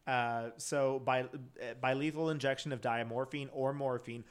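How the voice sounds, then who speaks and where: A man's voice: medium pitch, steady tone, moderate pace, clean tone. A man co-hosting a casual podcast, retelling a crime case from his notes with plenty of fillers and restarts. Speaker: podcast co-host.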